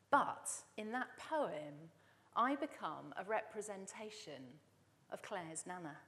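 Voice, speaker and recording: Woman from dorset giving a sermon, lively ups and downs, echoey church hall. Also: a little high. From Dorset, England. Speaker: church speaker introducing a reading.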